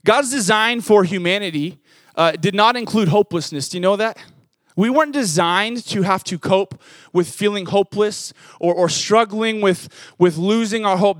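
High-voiced young man preaching with a story. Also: dry recording. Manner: animated storytelling, many fillers, rises when excited. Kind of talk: sermon with personal story.

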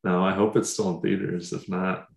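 A man's voice: low voice, level tone, normal speed, vocal fry, echoey room. A man co-hosting a sports podcast, bantering and joking casually. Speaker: podcast co-host.

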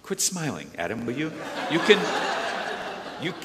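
A man preaching a lively sermon, joking with the crowd and calling on volunteers. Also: medium pitch, a little slow, heavy background noise. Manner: animated, joking, calls on volunteers. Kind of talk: lively sermon with audience participation. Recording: echoey hall.

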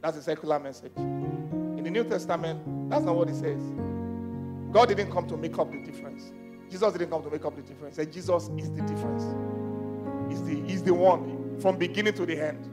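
A man preaching a sermon, moving between loud pleading and quiet, intense speech. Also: a little high, fairly quick, loud music behind the voice.

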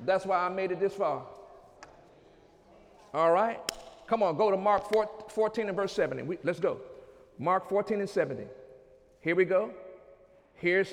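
A man preaching a sermon, using call-and-response and building to shouts. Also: sits high, in a large hall. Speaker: pastor.

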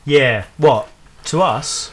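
A man's voice: mid-range voice, slow. A man in his thirties with a Suffolk English accent, co-hosting a casual comedy podcast with dry, teasing banter. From England. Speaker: podcast co-host.

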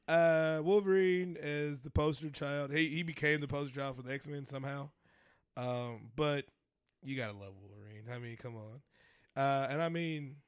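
A man's voice: medium pitch, clear, resonant tone, no room sound. Dude in his 30s riffing on a podcast, swears a lot, jokey, dry close sound. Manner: profane, joking, loose and rambling. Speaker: podcast co-host. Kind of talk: casual chat.

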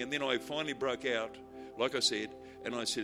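Animated man preaching over music. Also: medium pitch, brisk. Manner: humorous, animated storytelling, swings from quiet to shouting. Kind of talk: sermon with stories.

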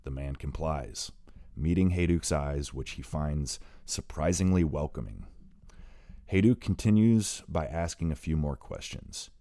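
A male narrator with an extremely low voice reads an audiobook in an even, steady way, pausing to fix the odd slip. The recording is close and dead dry. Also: dry recording. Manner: steady reading with occasional slips and self-corrections.

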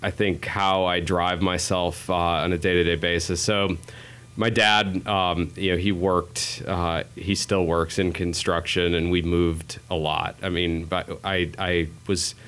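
A man in his thirties, a guest in an interview, speaking thoughtfully with many pauses and restarts. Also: sits low, little pitch movement, a bit bright, clean tone. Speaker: guest, marketing director. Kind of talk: interview chat.

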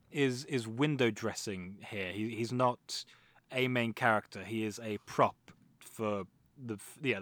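A man, co-hosting a casual podcast and talking through a film with animated, mocking asides. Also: medium pitch, no room sound. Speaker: podcast co-host.

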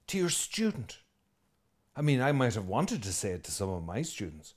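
Irish priest preaching a lively sermon. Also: male voice, mid-range voice, moderate pace, husky. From Ireland. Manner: lively and conversational, with asides and jokes; emphatic, repeating key phrases.

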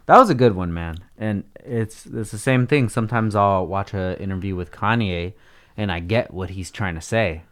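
A man hosting a casual chat about music, relaxed and agreeable, with casual slang. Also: fairly low pitch, moderate pace.

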